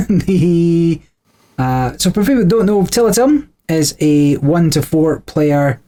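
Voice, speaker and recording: A man's voice: a little high, sing-song, takes it slowly, mellow. Chatty male podcast co-host explaining rules. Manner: chatty, frequent small laughs. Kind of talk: casual chat explaining game rules.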